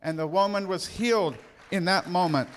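A male pastor preaching a sermon in church, retelling Bible passages with emphatic, drawn-out stresses and touches of humor. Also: high voice, slight background noise.

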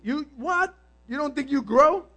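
Male pastor with a high, sharp voice. Animated storyteller who shouts for emphasis. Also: unhurried. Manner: animated storytelling, asks the crowd "amen?", bursts of shouting. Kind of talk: sermon.

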